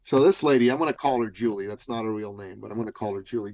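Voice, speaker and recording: A man telling a story as a guest in a podcast interview, in an animated, dramatic way. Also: mid-range voice, fairly quick, dry recording, low-quality recording. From Canada. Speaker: guest, business coach.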